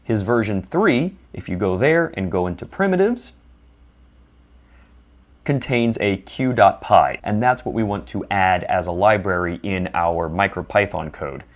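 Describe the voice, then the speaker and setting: A man giving a calm, step-by-step coding tutorial over his screen recording. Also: lowish voice. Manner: plain, methodical, step-by-step explaining. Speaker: instructor.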